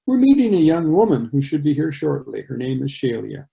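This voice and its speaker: A man's voice: on the high side, very animated, brisk, gravelly, dark tone, heavily acted. A man reading aloud the lines of a cheerful middle-aged father in a storybook reading over a video call.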